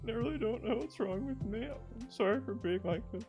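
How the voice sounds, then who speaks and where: A man's voice: very high voice, a little fast, creaky, highs cut off, over music, pitched above the performer's own voice. A man voicing a shy, nervous, apologetic bookish teenage girl, reading game lines hesitantly. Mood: timid. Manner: hesitant, self-conscious.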